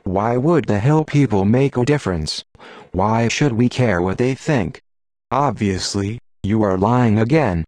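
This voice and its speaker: A man's voice: on the low side, measured pace, a little mellow, no room sound, close to an everyday voice. A man voicing a proud, hostile young prince who talks scornfully and accuses, in an audiobook.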